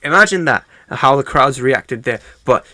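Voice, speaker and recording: A man co-hosting a casual podcast chat, excitable, acting out crowd reactions as he talks. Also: mid-range voice, moderate pace, no echo. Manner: excitable, acts out crowd reactions and hums movie themes. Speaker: podcast co-host.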